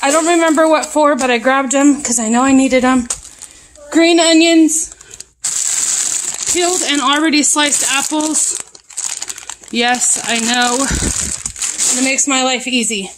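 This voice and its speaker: A woman's voice: sits high, measured pace, pauses often, noisy background. A woman vlogging a casual grocery haul at home, chatting as she lists each item one after another. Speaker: mom vlogger.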